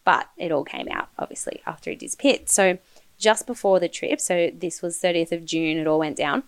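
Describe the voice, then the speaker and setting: A woman's voice: fairly low pitch, a little fast, smooth, dry recording. A woman hosting a casual true-crime podcast, telling the case in a gossipy way, swearing freely and laughing often. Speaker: podcast host.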